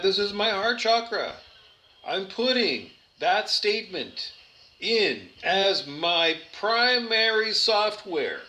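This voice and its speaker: A man's voice: high voice, sharp tone. A man giving an earnest spiritual monologue, repeating his phrases and stumbling over his words. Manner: earnest, repetitive, with stumbles and restarts.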